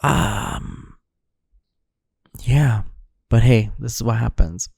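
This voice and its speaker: Male podcast host, groggy late-night delivery, slow and gravelly, dark tone. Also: medium pitch, no echo. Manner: groggy, deadpan, rambling. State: sleepy early morning. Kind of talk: solo intro monologue.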